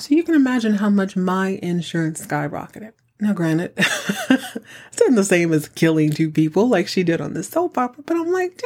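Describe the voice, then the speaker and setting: A middle-aged woman hosting a podcast, telling a story in a chatty, animated way and acting out the dialogue. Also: medium pitch. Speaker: podcast host. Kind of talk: casual storytelling.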